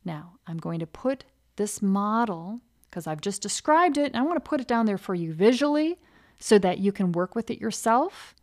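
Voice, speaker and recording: A woman's voice: medium pitch, expressive, moderate pace. A woman hosting a podcast, coaching listeners in a casual way and acting out inner thoughts in little quoted voices. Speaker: podcast host and career coach.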